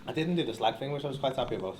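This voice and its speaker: Backstage after a show, a male stand-up comedian trades quick, blunt banter packed with swearing. His medium-pitched voice has lively intonation and a darkish tone, with slight background noise in an echoey room.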